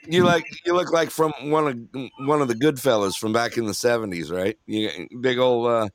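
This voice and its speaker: A man's voice: medium pitch, normal speed, dry recording. A man hosting a casual live online talk show, joking and laughing often with callers. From New York. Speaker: host.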